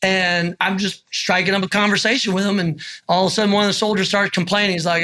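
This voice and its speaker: Retired army guy, high bright voice, tells old stories and plays out what people said. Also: fast. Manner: lively storyteller acting out remembered dialogue. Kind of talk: oral history recollection.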